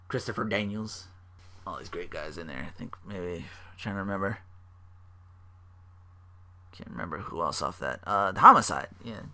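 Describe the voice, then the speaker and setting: A man's voice: sits low, pushed and bright. A man hosting a solo podcast, rambling with lots of "like" fillers and restarts. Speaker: podcast host.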